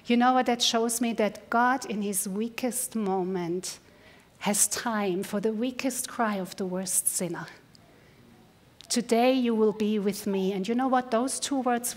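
A woman pastor preaching a sermon in church, earnest, slowing down to stress key words. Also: a little high. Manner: earnest, slows down for emphasis. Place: church service.

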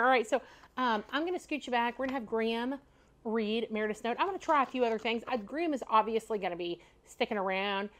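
A woman with a slightly higher-pitched voice chats casually from home as she unboxes clothes. Her talk is loose and full of "like" and "y'all", and she laughs often as she goes. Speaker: fashion vlogger.

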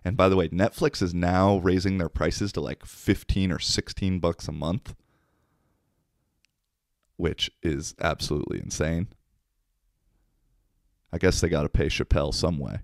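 A man's voice: deep voice, fairly even intonation, measured pace, long pauses, dry recording, clean studio sound. An American man hosting a podcast, telling stories in a laid-back, profane, casual monologue. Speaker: podcast host.

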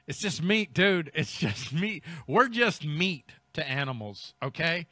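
A man's voice: on the high side, sing-song, takes it slowly, sharp tone, no room sound. A man hosting a comedy news show, reading stories aloud and mocking them with ad-libbed riffs. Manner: mocking, riffing, reads then ad-libs. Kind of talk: comic commentary on news stories.

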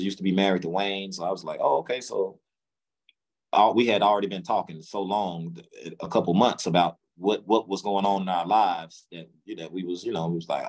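Slangy, animated man telling his story. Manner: animated, acts out quotes with sudden pitch jumps; loose, slangy, lots of restarts. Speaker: interview guest. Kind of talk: casual storytelling interview.

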